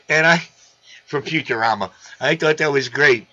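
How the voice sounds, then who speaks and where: A man with a gravelly voice hosting a casual live stream, loose and excitable, reading viewer comments aloud. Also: a little high, unhurried. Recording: dull lo-fi stream audio.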